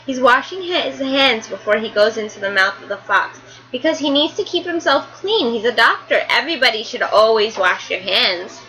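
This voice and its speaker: A woman's voice: fairly high pitch, animated, normal speed, pushed and bright, poor audio. A woman teacher reading a picture book aloud to a class, stopping to explain words and pictures.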